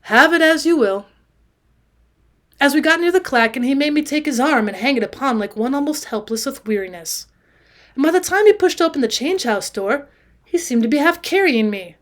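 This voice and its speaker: A teacher with a fairly high voice reads a classic novel aloud for her students, audiobook-style, at a slightly fast pace. Her reading is expressive, growing louder whenever a character speaks.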